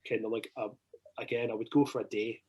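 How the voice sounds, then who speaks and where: A man with a Scottish accent, swearing freely as he tells animated anecdotes in a casual podcast chat. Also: medium pitch, a little fast, slight background noise, rough recording.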